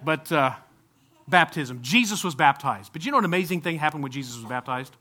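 A man preaching an informal sermon at a baptism service, talking conversationally, with frequent restarts and sudden bursts of excitement. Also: on the high side, fairly quick. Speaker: pastor.

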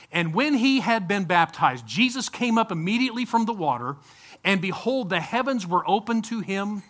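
High, bright-voiced male pastor. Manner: conversational, with frequent restarts and sudden bursts of excitement. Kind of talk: informal sermon at a baptism service.

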